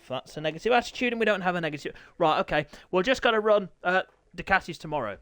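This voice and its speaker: Excitable high-voiced man commentating. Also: quick pace, hardly any pauses, no room sound. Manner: excitable, jokey, bursts into yelps and laughter. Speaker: race league host and streamer. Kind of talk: live race commentary and chat.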